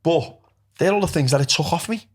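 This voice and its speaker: A man's voice: a little high, brisk, husky. A man, a recovery coach talking bluntly and swearing freely as a podcast guest. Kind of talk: podcast conversation.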